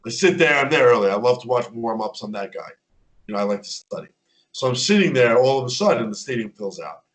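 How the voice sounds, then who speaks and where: Animated man telling stories. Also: mid-range voice, quick pace. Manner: animated storyteller who acts out quotes. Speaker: podcast guest, fan club member. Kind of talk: casual podcast chat.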